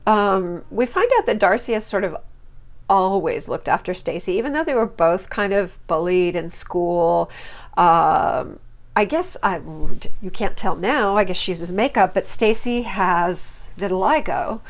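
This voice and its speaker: A woman with a mid-range voice hosts a chatty reality-TV recap. She gossips with plenty of ums and fillers. Her voice leaps up sharply whenever she lands a punchline. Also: a little slow. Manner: animated, with sudden high jumps on punchlines. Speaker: podcast host. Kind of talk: casual TV recap commentary.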